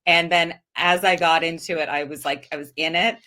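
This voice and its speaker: Low-voiced earnest actress, woman. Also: steady tone, brisk, sharp tone. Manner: earnest, reflective, laughs easily. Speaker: guest actress. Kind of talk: casual podcast interview.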